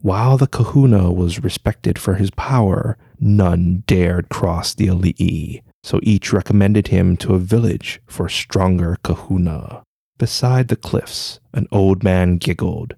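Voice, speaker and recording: A male storyteller narrating in a measured, solemn way. His voice is very low and gravelly, dark in tone, and he takes his time. Soft music sits faintly behind him. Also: dry recording, clean studio sound. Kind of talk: scripted narration.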